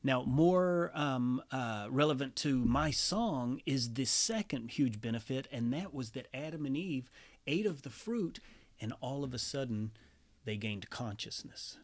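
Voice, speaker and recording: A man's voice: mid-range voice, lively intonation, unhurried. A man telling a familiar story in a casual, conversational storytelling talk, with fillers and asides. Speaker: storyteller and songwriter.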